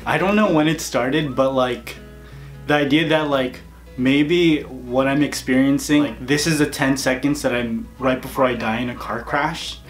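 A man's voice: mid-range voice, moderate pace, faint music behind. A man hosting a casual YouTube interview, playful and laughing often. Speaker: YouTuber host.

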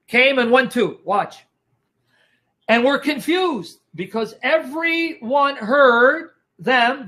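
With an extremely high pitch and a sharp tone, a man preaches Bible lessons in sermon style. He is emphatic and repetitive, repeatedly telling listeners to watch and checking whether they follow, while coughing leaves his throat strained.

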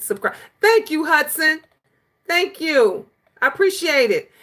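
A woman's voice: medium pitch, a little slow, fairly bright tone, soft background music. A middle-aged woman chatting casually on a livestream, reading viewer comments and calling people honey.

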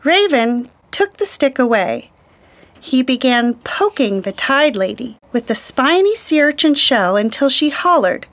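A woman storyteller reading a children's picture book aloud, slow, gentle and deliberate. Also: high voice, sing-song.

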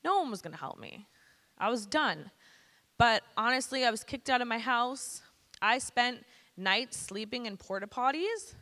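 A woman in her thirties speaks frankly and casually to a student audience, slipping into slang. Her voice is bright and forceful, and it echoes around a large school hall. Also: on the high side. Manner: candid, conversational, slangy. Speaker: guest speaker. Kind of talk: personal testimony to students.

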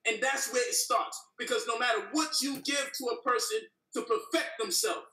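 Heated debater, male, bright forceful voice, far from mic in an echoey room, swears a lot. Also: very high-pitched, normal speed. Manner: passionate, profane, preachy. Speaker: debate guest.

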